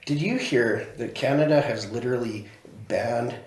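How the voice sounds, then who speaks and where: A man co-hosting a podcast talks in a mid-range voice, often pausing to search for words. He sits well back from the mic. The room around him is echoey. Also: mid-range voice, far from the mic. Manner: hesitant, searches for words with fillers. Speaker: podcast co-host. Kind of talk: casual chat.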